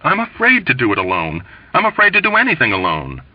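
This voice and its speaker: A man voicing a rough, quavering young airman, loud and overwrought, in a novel read aloud. His voice leaps high and swings widely as he fails to keep it low. The recording is dry and a bit dull. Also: wildly swooping pitch, fast talker, no room sound. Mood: pleading. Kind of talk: audiobook reading.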